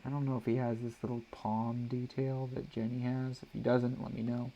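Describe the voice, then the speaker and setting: A man's voice: mid-range voice, flat delivery, moderate pace, warm tone, slight background noise. A young man, a father, chatting casually and rambling with many restarts while he draws on a live stream. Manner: rambling, hesitant, full of restarts and "like". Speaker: artist streaming a drawing session.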